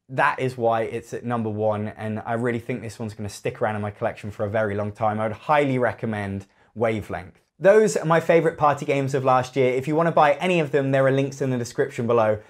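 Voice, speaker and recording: A man with a croaky voice reviewing party games in a chatty, animated way, acting out his friends' remarks. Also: mid-range voice, a little fast. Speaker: board game reviewer. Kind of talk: casual video review.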